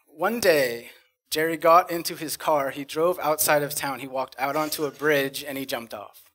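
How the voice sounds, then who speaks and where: A man on a conference stage performing spoken-word poetry, rhythmic and dramatic, swinging from loud bursts to hushed lines. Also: on the high side, normal speed. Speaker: conference speaker.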